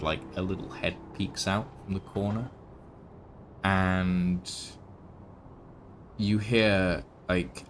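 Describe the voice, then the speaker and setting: A man narrating as game master in a tabletop game, with halting, filler-heavy delivery. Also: low-pitched, noisy background.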